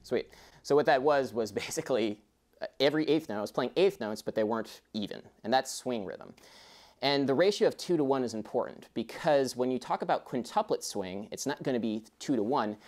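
Mellow-voiced man explaining rhythm. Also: medium pitch, expressive, fairly quick. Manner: chatty, rambling asides. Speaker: music teacher. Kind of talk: casual explanatory lesson.

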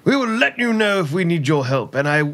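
Man doing pompous formal sergeant, stiff courtesy, higher and lively. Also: brisk, heavily acted. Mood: courtly.

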